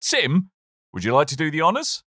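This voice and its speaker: Brief: a playful male podcast co-host, very lively intonation, dry sound. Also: a little high, moderate pace, husky, no room sound. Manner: playful, theatrical. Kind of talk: comedic show intro in role-play.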